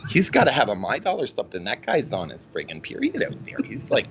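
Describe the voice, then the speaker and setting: A man's voice: mid-range voice, huge pitch swings, fast talker, highs cut off, noisy background, pitched below the performer's own voice. A man imitating his older mother, a chatty sports fan with blunt opinions who keeps calling people "dear". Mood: opinionated. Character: older woman, sports-mad mom, sassy, chatty.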